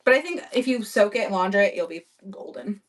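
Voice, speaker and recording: A woman's voice: mid-range voice, lively intonation, a little fast, far from the mic. A woman hosting a casual live-stream auction, chatting upbeat as she describes vintage items for buyers. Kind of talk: casual live-selling chat.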